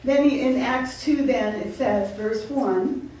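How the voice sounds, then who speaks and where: A woman's voice: a little high, slow, mellow. A woman preaching a sermon, firing repeated questions at her congregation with laughing asides. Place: church sanctuary. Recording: roomy echo, from far off, faint noise.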